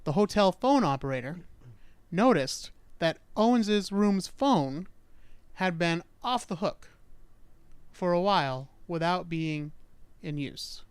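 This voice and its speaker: A man's voice: sits high, lively intonation, takes it slowly, clean tone, dry recording. A man hosting a podcast, casually telling a true-crime story in a chatty, self-mocking way. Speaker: podcast host.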